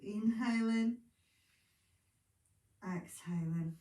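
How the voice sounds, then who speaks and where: Sleepy and yawning, a female pilates instructor talks a class through its exercises very slowly in a medium-pitched voice. She stays calm and encouraging and drops in chatty asides, her voice coming from off-mic in an echoey room.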